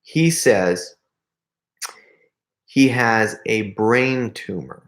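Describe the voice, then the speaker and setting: A man's voice: fairly low pitch, extremely slow. A middle-aged man hosting a casual live stream, telling a story and reading out viewer comments, often restarting sentences and laughing as he talks.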